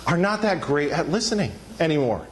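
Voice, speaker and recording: A pastor delivering an emphatic sermon in a church, calling on the congregation to respond. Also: male voice, a little high, sing-song, brisk. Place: church sanctuary.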